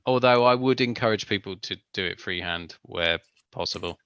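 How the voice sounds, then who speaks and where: A man's voice: on the low side, moderate pace, a bit bright, clear, resonant tone, no room sound, highs cut off. A man hosting a live build-along stream, chatty and greeting viewers as they join. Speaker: stream host and co-presenter. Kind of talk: casual live-stream chat.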